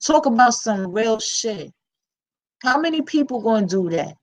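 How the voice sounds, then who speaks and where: Unhurried New York woman, blunt, slangy vlog host. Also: a little high, big pitch swings, darkish tone, poor audio. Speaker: channel host. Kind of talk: casual commentary vlog.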